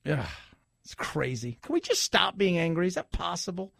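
A middle-aged man hosts a radio talk show in a casual monologue, joking and sarcastic. His voice sits high and swings widely in pitch. It is recorded close and dry on a studio microphone. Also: normal speed, gravelly, dry recording. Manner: animated, joking, sarcastic asides.

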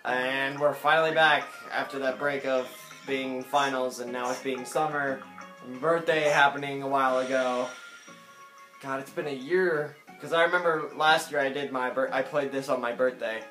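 A man's voice: medium pitch, fairly even intonation, normal speed, bright, forceful tone. A young man hosting a let's play, giving casual, rambling commentary as he plays. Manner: chatty, rambling, giggly. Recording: echoey room with game music.

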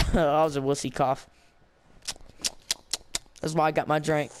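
A man's voice: fairly high pitch, slow pace. A man giving casual, sarcastic let's-play commentary while grumbling at the game. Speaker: gameplay commentator. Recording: clear background noise with game car sounds.

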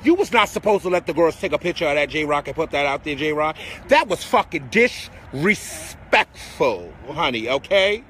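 A high-voiced man hosting a phone live stream outside, sassy and campy, tossing "honey" at everyone. His pitch swoops up and down as he teases people, and faint street noise sits under him. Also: sing-song, moderate pace, hardly any pauses, a bit bright. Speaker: livestream host. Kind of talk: casual livestream banter. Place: outdoors on a city street. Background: street traffic.

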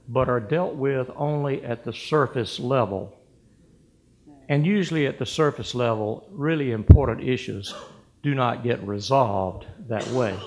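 Older man, gravelly, deliberate, emphatic, formal speech. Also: medium pitch. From United States. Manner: measured, deliberate, emphatic on key words. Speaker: governor giving award acceptance speech.

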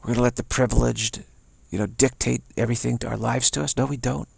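An American man with a gravelly, husky, darkish voice of medium pitch talks fast and in a steady tone, sharing his personal views in a rambling monologue. He's emphatic and repetitive, restarting often, on a dry recording.

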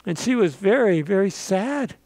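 A pastor telling a children's message story and ending in prayer, gentle and animated with playful sound effects. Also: male voice, sits high, moderate pace, no room sound.

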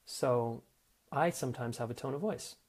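A man's voice: mid-range voice, normal speed, darkish tone, slightly rough. Man, middle-aged, podcast host, relationship advice, casual and frank, mid-range voice. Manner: frank and conversational, acts out quoted partners.

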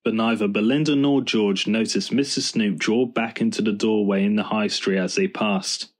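A man reading a children's storybook aloud in a calm, measured narration. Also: fairly low pitch. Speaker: storybook reader.

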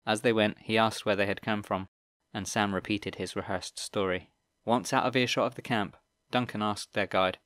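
A man narrating a middle-grade fantasy audiobook in a steady, even storytelling manner. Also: lowish voice, moderate pace, smooth, no echo, studio quality. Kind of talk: scripted narration.

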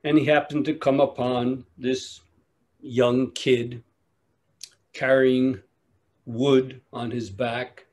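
Slow, measured male meditation teacher. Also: medium pitch, flat delivery, darkish tone. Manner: slow, measured storytelling with long pauses. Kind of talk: dharma talk storytelling.

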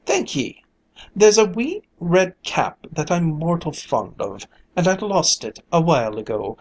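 Reader putting on a scared grudging fella, begging, slow storybook voice. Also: mid-range voice, very animated, voice pushed up. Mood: wheedling. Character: frightened Irish man who hoards his luck.

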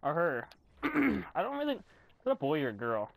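A young man giving casual commentary while playing a video game, swearing and yelling in frustration. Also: fairly high pitch, huge pitch swings, moderate pace, vocal fry, no echo. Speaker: gamer commentator.

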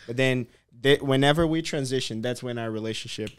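Relaxed man sharing a story on a podcast. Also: medium pitch, brisk, smooth. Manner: relaxed, hesitant, many fillers and restarts. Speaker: podcast host. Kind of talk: casual podcast chat.

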